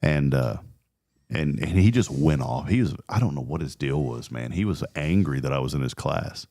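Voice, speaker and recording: A man's voice: very deep voice, moderate pace. A man telling a personal story in casual chat, acting out the voices he quotes with plenty of restarts. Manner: animated, acts out quoted voices, many restarts.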